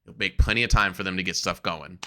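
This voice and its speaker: A man co-hosting a casual wrestling podcast, talking excitedly with plenty of swearing. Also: low voice, fast talker. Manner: excitable, profane, acts out quotes. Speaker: podcast co-host.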